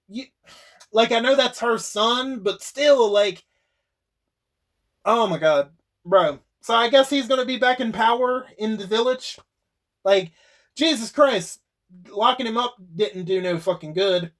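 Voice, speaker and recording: High-voiced man rambling through a show recap. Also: fairly bright tone. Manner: rambling, swearing, frequent laughs and restarts. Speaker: YouTube TV show reviewer. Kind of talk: casual spoken episode recap.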